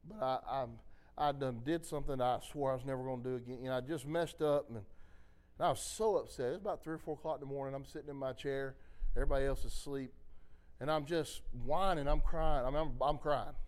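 A man preaching a sermon in a church, switching between impassioned exhortation and quiet, confessional storytelling. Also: medium pitch, fairly even intonation, fast talker. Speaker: pastor.

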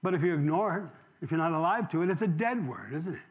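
A man in his sixties preaching a sermon, firing rhetorical questions and swinging from loud emphasis to emotional near-whispers. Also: on the high side, animated, quick pace. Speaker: pastor.

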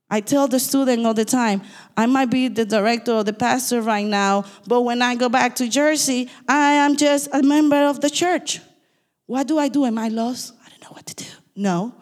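This is a woman pastor who preaches quickly and emphatically, with a non-native English accent. Her voice sits fairly high, and it carries the long reverb of a church hall. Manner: fast, emphatic preaching with asides and apologies. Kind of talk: sermon.

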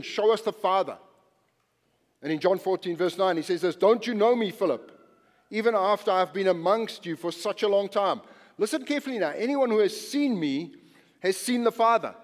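A male pastor preaching a sermon, animated and emphatic, repeating phrases and swinging from quiet to loud. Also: sits high, long reverb tail.

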